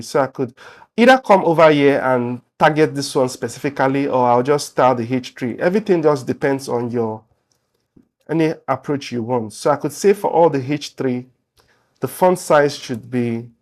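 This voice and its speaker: Man, coding instructor, medium pitch, relaxed, thinking aloud while typing. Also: moderate pace. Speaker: web development instructor. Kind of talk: screen-share coding tutorial.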